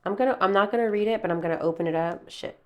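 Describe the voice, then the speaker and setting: A woman's voice: medium pitch, racing, muffled recording. A woman giving a casual tarot reading to camera from her room at home, chatty and rambling, calling her viewers babe and baby. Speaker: tarot reader.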